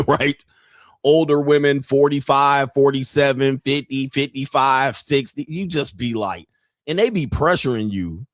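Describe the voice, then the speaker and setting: Speaking slowly in a mid-range voice, a livestream host in his fifties offers casual commentary that is brash, joking and crude. The audio is studio quality without echo.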